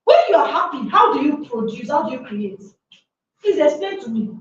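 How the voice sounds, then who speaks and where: A woman's voice: sits high, sing-song, normal speed. A woman giving a motivational workshop talk to a live audience, emphatic and full of rhetorical questions. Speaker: workshop speaker. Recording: echoey room from far off, dull sound.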